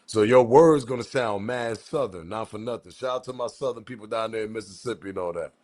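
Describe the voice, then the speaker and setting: A man's voice: on the low side, fairly quick, a little mellow. A man from the US East Coast with his accent, hosting a casual live-stream commentary with slangy, loose talk and chuckling asides to his chat. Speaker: commentary channel host.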